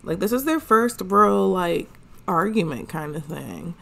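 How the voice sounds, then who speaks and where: Female gaming host, relaxed drawl, casual playful narration. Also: fairly low pitch, measured pace, vocal fry. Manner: chatty, slangy, narrates characters' thoughts. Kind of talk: casual let's play commentary.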